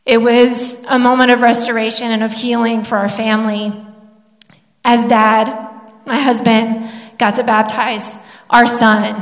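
A middle-aged woman sharing an emotional family testimony from the pulpit as part of a sermon, telling the story with feeling. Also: sits high. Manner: emotional storytelling, animated when quoting. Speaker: pastor's wife sharing a testimony. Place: church sanctuary. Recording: long hall reverb.

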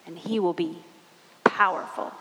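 A grave, unhurried angel, as a woman puts it on, speaks well below her usual pitch. Each slow pronouncement rings out with weight. A long hall reverb follows. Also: steady tone, noisy background, lightly acted. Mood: solemn. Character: solemn angel with a big booming voice.

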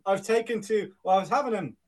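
A man's voice: high voice, animated, moderate pace. A man co-hosting a casual podcast, joking, laughing often and slipping into silly voices. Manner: jokey, puts on silly voices and accents, laughs a lot. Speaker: podcast co-host. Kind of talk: casual banter.

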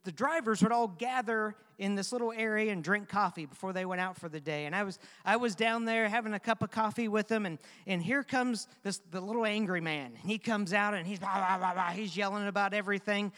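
A man's voice: sits high, brisk, hardly any pauses, a bit bright, clean tone, in a large hall. A man preaching a sermon as pastor, telling a story in a conversational way and asking the congregation questions.

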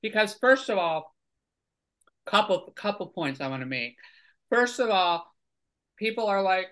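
Casting: male podcast guest, bright tense voice, emphatic and lecturing. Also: high-pitched, big pitch swings, moderate pace, long pauses. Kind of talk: casual podcast chat.

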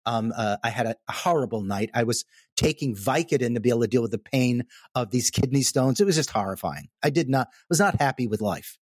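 A man telling a personal story in casual conversation, animated and emphatic. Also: mid-range voice, fairly quick, slightly rough, dry recording, studio quality. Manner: animated, emphatic, repeats "okay?" for effect.

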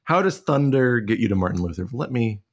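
A man's voice: medium pitch, animated, brisk. A man co-hosting a trivia game, chatting casually, laughing often and telling a rambling story. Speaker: trivia show co-host.

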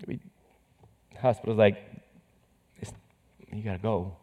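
A man preaching as a pastor, telling a personal story with emotion, moving from hushed words to forceful emphasis. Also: fairly low pitch, steady tone, unhurried, narrow, tinny audio. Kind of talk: sermon storytelling. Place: church stage. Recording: reverberant hall.

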